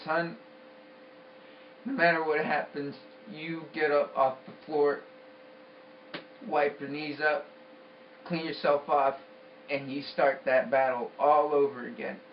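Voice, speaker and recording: A man's voice: on the high side, little pitch movement, slow, long pauses, reverberant, highs cut off, slight background noise. A man voicing a firm, loving old grandfather. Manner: firm and tender.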